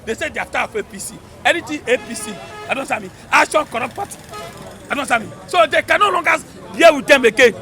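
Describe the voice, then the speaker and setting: A man with a Nigerian accent, talking loudly and emphatically in a rambling street interview. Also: extremely high pitch, expressive, quick pace, soft background music. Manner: fervent, loud, rambling and emphatic. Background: crowd noise.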